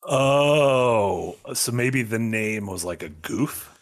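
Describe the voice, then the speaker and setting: Man, podcast co-host, casual chat, lively pitch, quick reactions. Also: no room sound, studio quality.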